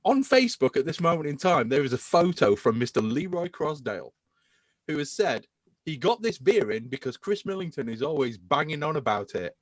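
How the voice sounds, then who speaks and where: A man's voice: fairly high pitch, fairly quick, no room sound. A man hosting a podcast in casual chat, enthusing about beer. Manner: enthusiastic, animated beer talk. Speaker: podcast host.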